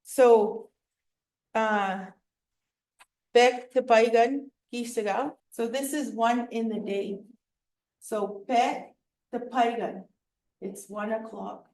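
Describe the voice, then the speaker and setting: A woman teaching a language class, drilling words with deliberate pauses. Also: a little high, steady tone, darkish tone. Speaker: language instructor. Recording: echoey classroom.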